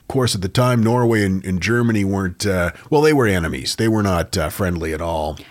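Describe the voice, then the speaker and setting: A man's voice: sits low, brisk. A man co-hosting a podcast, telling odd facts in a casual, storytelling way. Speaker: podcast co-host. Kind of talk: casual chat.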